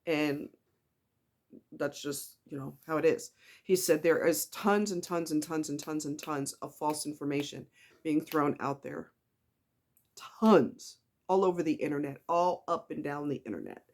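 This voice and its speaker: A woman's voice: deep voice, a little slow, darkish tone. A woman chatting casually to camera in a rambling, emotional vlog. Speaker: vlogger.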